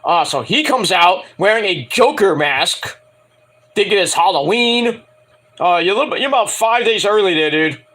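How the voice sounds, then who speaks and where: A man's voice: high voice, fairly bright tone. A man reviewing a wrestling show at home in a casual, rambling rant, profane and mocking, often acting out quotes.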